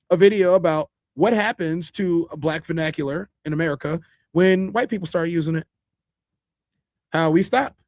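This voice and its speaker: A man's voice: sits high, a little mellow, dry recording, studio quality. A man with a Chicago accent hosting a podcast, talking loosely and conversationally with frequent restarts. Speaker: podcast host. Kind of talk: casual monologue.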